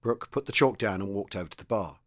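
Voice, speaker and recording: A man reading a novel aloud, steady in the narration and louder and higher in the dialogue. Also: fast talker. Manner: steady reading, lifts his pitch and volume for the dialogue. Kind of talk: audiobook narration with character voices.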